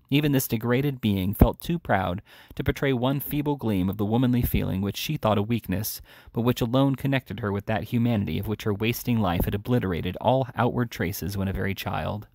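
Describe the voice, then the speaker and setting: A man reading a classic novel aloud in a steady, measured way. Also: medium pitch, no room sound. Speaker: reader.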